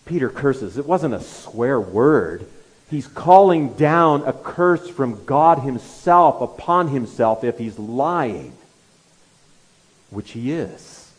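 A male preacher delivers a sermon at an ordinary pitch for a man. He retells the story with animation and slips into the voices of the people he quotes. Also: animated, takes it slowly, husky, poor audio. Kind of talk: expository sermon.

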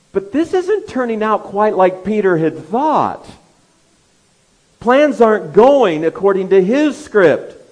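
A man's voice: high voice, poor audio. A man preaching an expository sermon, telling the story with animation and acting out the quoted lines.

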